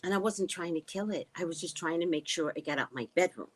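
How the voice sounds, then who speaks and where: Hosting a relaxed home live stream, a woman speaks quickly in a lowish voice. Her storytelling is sarcastic and lively, peppered with frequent swearing, and she reads out comments from viewers.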